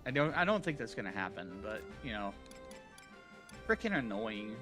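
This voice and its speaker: A man's voice: on the low side, big pitch swings, normal speed, over music. A man from the southeastern United States with a light Southern accent, chatting casually and grumbling while streaming a game and answering chat.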